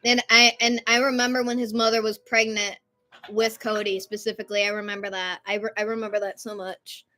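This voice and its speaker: A woman in her twenties chatting casually and rambling on a live stream, loud at times. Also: mid-range voice, flat delivery, a little fast, faint music behind.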